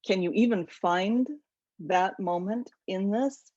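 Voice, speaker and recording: A woman author gives an animated, enthusiastic webinar lecture about her book over a video call. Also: mid-range voice, slow pace, no echo. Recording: dull lo-fi webinar audio.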